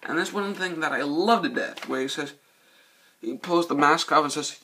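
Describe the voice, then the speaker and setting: A man's voice: a little high, moderate pace, a little hiss or hum. A man doing a casual, rambling movie review, cursing a lot and losing his train of thought. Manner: profane, excitable, loses his train of thought.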